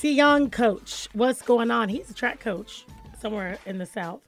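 A woman's voice: a little high, animated, unhurried, faint music behind. A woman hosting a radio talk show in a studio, chatting in a playful, teasing way. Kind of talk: casual radio chat.

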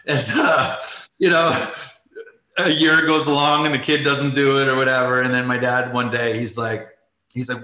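A man's voice: medium pitch, fairly even intonation, fairly quick, bright, forceful tone, roomy sound, low-quality recording. A middle-aged man, a former ice hockey player, telling stories as a guest in a casual video-call interview, rambling, full of "like" and laughing as he goes, tearful at moments. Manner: rambling, says "like" often, laughs while telling.

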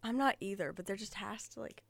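A woman's voice: medium pitch, fairly quick, gravelly, no room sound. A young adult woman co-hosting a casual podcast, laid-back and teasing in her replies. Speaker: podcast co-host. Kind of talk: casual chat.

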